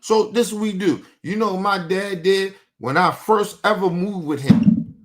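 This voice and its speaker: A young man, ranting emotionally and profanely on a live stream, dropping low and quiet, then bursting out loud. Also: a little slow.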